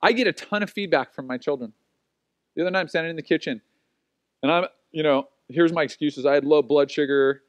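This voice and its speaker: A man in his forties preaching with a high voice that sounds close and dry. He tells stories about himself in an animated, self-mocking way and then turns back to his message. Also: a little fast, no echo. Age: 40s. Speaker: pastor. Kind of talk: sermon with personal stories.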